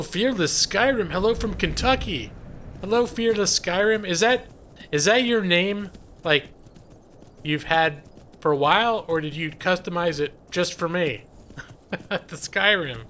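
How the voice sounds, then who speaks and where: A man's voice: fairly high pitch, pushed and bright, a little hiss or hum. A middle-aged man casually chatting through a live game stream, reading chat aloud and rambling. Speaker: gaming streamer.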